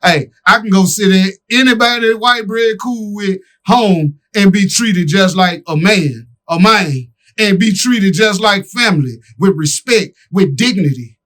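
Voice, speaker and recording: A man co-hosting a podcast, speaking in an impassioned, preaching way, full of slang, swinging between loud calls and quiet asides. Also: sits high, measured pace, few pauses. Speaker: podcast co-host.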